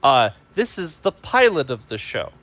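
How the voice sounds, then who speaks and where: A man's voice: medium pitch, big pitch swings, normal speed, a bit bright, no room sound. A young man co-hosting a podcast, chatting casually with wry, opinionated remarks about a cartoon. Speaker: podcast co-host.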